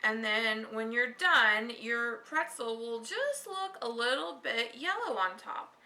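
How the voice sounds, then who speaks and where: A woman's voice: a little high, expressive, slow pace, sharp tone. A woman hosting a home baking vlog in her kitchen, patiently giving step-by-step instructions and coaching a child. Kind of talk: casual baking demonstration.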